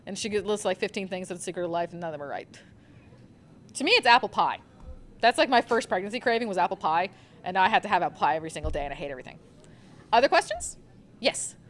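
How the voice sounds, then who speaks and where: A woman's voice: mid-range voice, animated, fast talker, long pauses, fairly bright tone. A young woman recommending manga on a live convention panel, gushing and rambling with lots of fillers.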